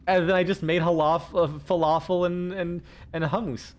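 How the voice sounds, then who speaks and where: A tired man chatting casually while streaming a game, rambling and excitable, swearing and laughing often. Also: high-pitched, normal speed, hardly any pauses. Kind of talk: casual gaming stream chat.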